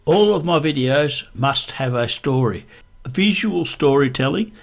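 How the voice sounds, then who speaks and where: A man practicing a voiceover, speaking low and deep close to the microphone in a deliberate, repetitive self-coaching way. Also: lively intonation, creaky. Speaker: YouTube creator.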